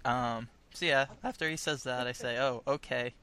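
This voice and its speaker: Young man, podcast host, casual chat, bright tone, rambling storyteller. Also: medium pitch, moderate pace, smooth. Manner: rambling storyteller, laughs often.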